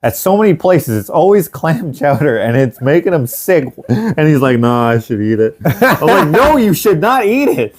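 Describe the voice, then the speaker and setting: A man's voice: mid-range voice, sing-song, normal speed, a little mellow. A young man co-hosting a casual chat show, teasing his brother and laughing as he mimics him. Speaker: co-host.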